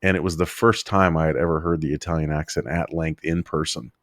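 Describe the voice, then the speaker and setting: Deep-voiced enthusiastic podcast host. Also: male voice, fairly even intonation, fairly quick, fairly bright tone, dry recording, clean studio sound. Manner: enthusiastic, peppered with "like" and "you know". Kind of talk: casual podcast chat.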